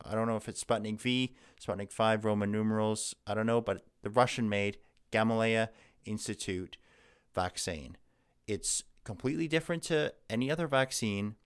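A young man ranting angrily in a profane, heated vlog. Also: lowish voice. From Canada. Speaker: vlogger. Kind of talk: angry political rant.

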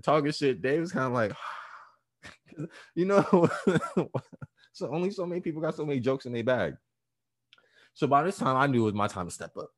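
A man casually telling a story full of profanity, animated and acting out the people in it. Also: medium pitch. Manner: profane, animated, acts out voices and laughs.

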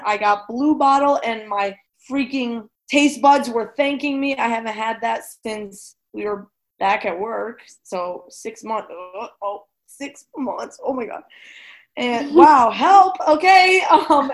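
A bubbly young woman in her twenties, co-hosting a podcast in easy, casual chat. Her voice sits a little high, and she giggles often, saying "like" constantly as she tells a story. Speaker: podcast co-host.

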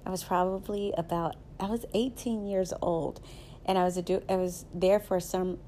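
A Southern-accented woman hosts a podcast, winding through personal travel stories and drawing faith lessons from them. Her voice sits a little low and mellow, and her delivery is chatty, stopping often to check in with the listener. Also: steady tone, moderate pace, slight background noise. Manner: chatty storytelling, often asks "right?". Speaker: podcast host. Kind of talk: faith-based motivational talk with personal stories.

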